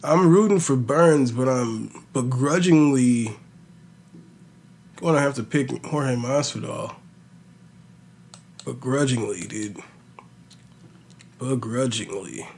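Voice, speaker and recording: A man's voice: medium pitch, slow pace, a little hiss or hum. A man talking casually as a podcast host, rambling and swearing as he predicts fights, with a slight lisp. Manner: profane, rambling, animated storytelling.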